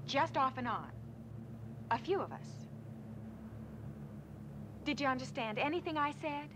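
An actress playing a kind young woman caring for two children. She talks gently and hesitantly, with fillers and halting French. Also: high voice, animated, background noise. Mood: tender. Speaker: film character caring for children. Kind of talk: film musical dialogue. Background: music.

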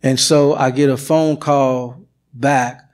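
A middle-aged man tells his story to a church congregation, earnest and openly emotional. His voice sits at an ordinary pitch for a man, and he speaks plainly like someone sharing a testimony. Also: fairly even intonation, slow, darkish tone. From United States. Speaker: church member giving testimony. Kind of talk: personal testimony.

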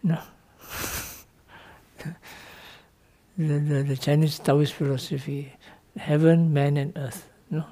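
This speaker talks slowly and pauses often, his warm, slightly high voice showing little pitch movement. He is a monk delivering a dharma talk in loose, non-native English, teaching playfully with repeated "no?" checks and gentle laughter.

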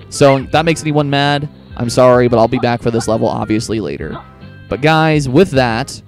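A man hosting a gaming video, talking viewers through a boss fight in a chatty, excitable way. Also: medium pitch. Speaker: gaming channel host. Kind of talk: let's play commentary.

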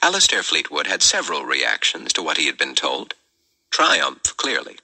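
A man, a podcast host, reading a novel chapter aloud in a measured storytelling delivery. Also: rumbling low, wildly swooping pitch, creaky, bright, forceful tone.

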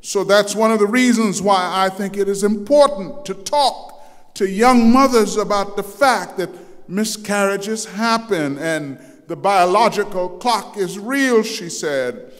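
An older man delivers a sermon as pastor at an unhurried pace. His voice sits high for a man, and he brings anecdotes to life by acting out the quotes. Long reverb from the church hall trails behind every phrase. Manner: storytelling with acted quotes and animated shifts in pitch. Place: large church sanctuary.

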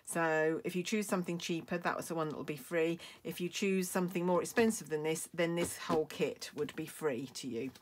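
A woman's voice: low-pitched, brisk, few pauses. A woman from the UK, a craft demonstrator, chatting casually and gushing about a card-making kit with many ums and restarts. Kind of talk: casual product show-and-tell.

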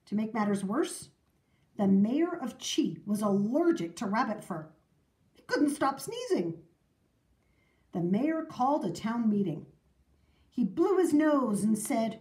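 A woman reading a children's math storybook aloud in an expressive, sing-song way. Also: fairly high pitch, unhurried, pauses often, reverberant.

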